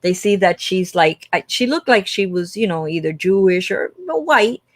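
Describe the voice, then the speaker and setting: A woman co-hosting a livestream, telling a lively story in casual chat and acting out the quoted lines with big jumps in pitch. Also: moderate pace, no echo. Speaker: livestream co-host.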